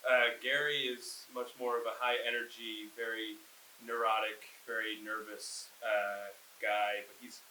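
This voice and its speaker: Young actor, earnest, off mic. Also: male voice, lowish voice, flat delivery, a little slow, sharp tone, recorded from a distance, a little hiss or hum. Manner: earnest, stumbling over words. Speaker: stage actor. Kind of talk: casual interview. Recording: echoey room, from off mic.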